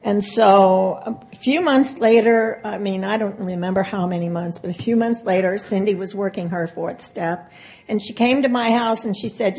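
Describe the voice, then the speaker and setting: An older woman telling a personal recovery story, halting and emotional, with pauses and restarts. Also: mid-range voice, a little mellow. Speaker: speaker sharing a recovery story. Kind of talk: personal testimony.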